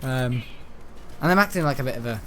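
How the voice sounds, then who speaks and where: A man's voice: mid-range voice, expressive, a little fast, a little hiss or hum. Chatty young guy rambling. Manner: chatty, storytelling, mimics the people he talks about. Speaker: gaming channel host. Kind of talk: casual rambling chat over gameplay.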